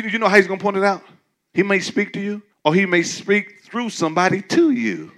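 A man preaching a sermon as pastor, talking to the congregation in a conversational way with many restarts, dropping to quiet asides and rising to loud, emphatic declarations. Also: high-pitched, animated, a little slow, pauses often. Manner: frequent stammering restarts.

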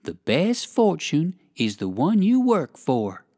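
A storyteller voicing a group of tiny, polite red ants in a children's story, who speak in a helpful way with a raised pitch. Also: wildly swooping pitch, slow, a little mellow, no room sound, clean studio sound, exaggerated voice. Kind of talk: storybook character voice.

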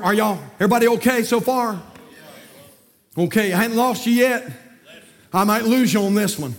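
A man preaching a fiery sermon, folksy and repetitive, swinging from quiet talk to shouting. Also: high-pitched, moderate pace. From North Carolina, USA. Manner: folksy, repeats words. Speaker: pastor.

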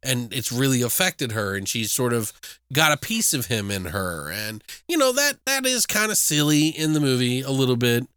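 A man co-hosting a podcast in casual, animated chat, swearing freely as he rants. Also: medium pitch, moderate pace, smooth, no echo, studio quality. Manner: animated, profane, ranting. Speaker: podcast co-host.

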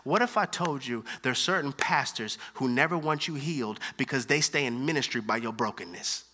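A man preaching a sermon, animated, moving from hushed asides to loud emphatic lines and using casual slang. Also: mid-range voice, moderate pace.

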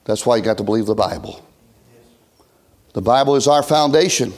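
A middle-aged man preaching a revival sermon, folksy, swinging from loud shouts to hushed near-whispers. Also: mid-range voice, expressive, normal speed. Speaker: pastor.

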